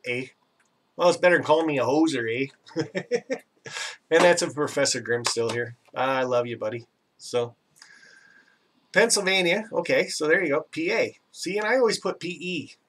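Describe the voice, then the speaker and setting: A man's voice: a little high, lively intonation, brisk, a bit bright, husky, far from the mic. A Canadian man hosting a casual live stream, chatting in a rambling, self-teasing way and reading out viewer comments.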